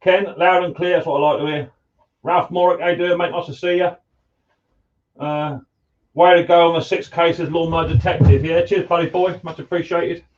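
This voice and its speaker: Brief: casual workshop streamer, slightly high voice, friendly mate-and-buddy chatter, off-mic. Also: male voice, steady tone, moderate pace, distant mic, dull audio. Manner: chatty, greets viewers by name, calls them mate and buddy. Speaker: live-stream host, mower repairer. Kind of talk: casual live-stream chat while working. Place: home workshop.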